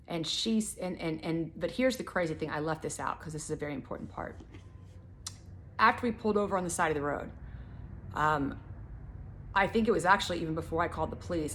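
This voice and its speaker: A middle-aged woman telling a personal story in a casual way as a wellness channel host. She often restarts her sentences and gets loud and heated when she retells a confrontation. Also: fairly low pitch. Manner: animated, rising loud and heated in retold confrontations; frequent restarts and fillers.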